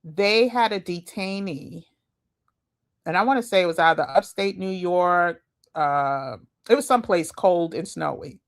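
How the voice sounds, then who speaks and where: A woman's voice: lowish voice, unhurried. A woman host giving casual, chatty commentary with slangy asides and laughs as she reacts to videos.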